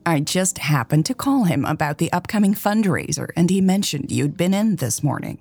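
A woman's voice: on the low side, animated, normal speed, vocal fry, darkish tone, breathy edge, no room sound, faint music behind, heavily acted. A woman reading the lines of a poised, wealthy older mother who scolds her grown daughter. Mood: disapproving.

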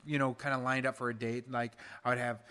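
A man's voice: medium pitch, flat delivery, fast talker, pushed and bright, clean tone. A man chats casually as a co-host. He cracks jokes and often trips over his first words, repeating them before he gets going. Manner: joking, repeats words when starting sentences. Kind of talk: casual chat.

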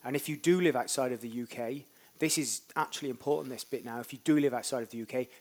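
A man's voice: mid-range voice, fast. A man co-hosting a comedy podcast, rambling and hesitant, sometimes slipping into a mock announcer voice. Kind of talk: improvised comic banter.

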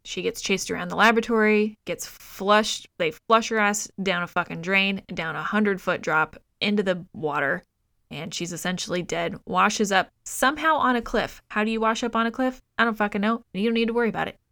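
A woman co-hosting a podcast, recapping a film in a profane, exasperated, animated way. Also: medium pitch, a little fast, dry recording, studio quality. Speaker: podcast co-host. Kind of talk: casual movie review chat.

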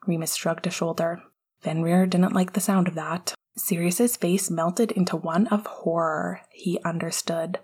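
A woman reading a story aloud in a soft, intimate way, often dropping to a whisper. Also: on the low side, steady tone, unhurried, husky. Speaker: audiobook reader. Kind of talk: fan fiction narration.

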